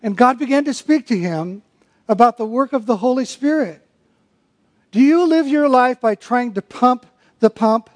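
High-voiced emphatic male preacher. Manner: emphatic, slows down to stress key phrases; mimics grumbling with muttered nonsense sounds. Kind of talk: sermon.

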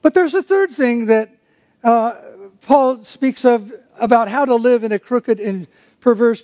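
A man preaching a sermon, emphatic, slowing down to stress key phrases and mimicking grumbling with muttered sounds. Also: very high voice, darkish tone.

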